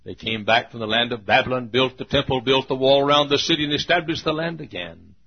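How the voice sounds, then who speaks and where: A man preaching a sermon who swings between shouted peaks and hushed, drawn-out lows, often clearing his throat. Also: lo-fi sound. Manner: frequent throat clearing and coughs.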